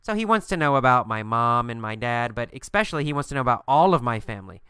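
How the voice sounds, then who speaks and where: A man's voice: medium pitch, sing-song, fast talker, bright, forceful tone, smooth, no echo, clean studio sound. A man teaching an English lesson by telling a story, asking questions and answering them himself with emphatic repetition.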